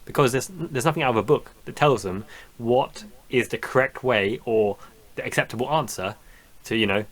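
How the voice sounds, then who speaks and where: A man's voice: lowish voice, fairly bright tone. A man from the UK, hosting a podcast in casual chat, talking at length and laughing often. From United Kingdom. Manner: chatty, laughs often, rambling explanations. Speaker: podcast host.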